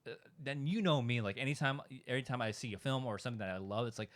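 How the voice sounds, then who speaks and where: A man's voice: mid-range voice, racing, fairly bright tone. A man co-hosting a casual fan podcast, talking in a rambling way with many restarts and fillers. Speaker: podcast co-host. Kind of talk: casual chat.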